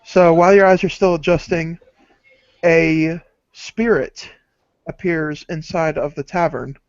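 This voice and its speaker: Game master: man, raised pitch, casual delivery, dull dry lo-fi recording. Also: fairly even intonation, unhurried, clear, resonant tone, no room sound. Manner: casual, with fillers. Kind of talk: narrating a tabletop game.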